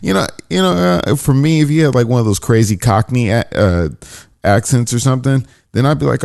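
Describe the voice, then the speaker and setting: A man's voice: mid-range voice, animated, fairly quick, creaky, darkish tone, no echo, studio quality. A man co-hosting a podcast in casual, rambling banter, swearing a lot. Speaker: podcast co-host. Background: music.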